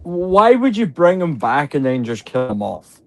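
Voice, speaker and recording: A man's voice: fairly high pitch, sing-song, a little slow. A young man with a Scottish accent, chatting in a laid-back way and swearing casually. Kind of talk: casual chat.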